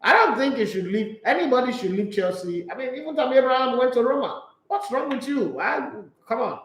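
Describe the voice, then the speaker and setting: A man hosting a solo sports talk show, reading transfer news aloud and breaking into animated, mocking rants. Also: extremely high pitch, brisk, roomy sound, poor audio.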